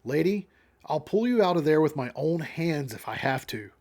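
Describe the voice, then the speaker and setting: A hostile male road worker makes a blunt threat in a raised voice, read aloud by a man. The voice stays fairly high for a man. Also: very animated, normal speed, a little mellow. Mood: threatening.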